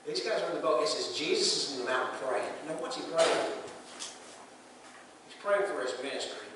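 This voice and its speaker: Heavy background noise surrounds this distant, echoey hall recording of a pastor preaching in a church sanctuary. His voice is on the high side and expressive, moving a little fast as he talks plainly and questions the congregation.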